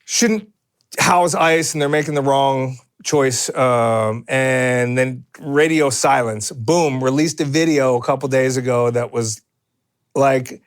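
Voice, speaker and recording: A man's voice: medium pitch, slow. A man co-hosting a podcast in a studio, rambling in casual chat with many restarts and fillers. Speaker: podcast co-host.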